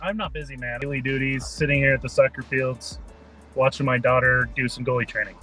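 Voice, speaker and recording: A man's voice: medium pitch, fairly even intonation, fairly quick, bright, forceful tone, faint music behind. A man in his thirties, a guest calling in from his parked car, easygoing in casual chat. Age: 30s. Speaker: guest, tint business owner. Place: parked vehicle.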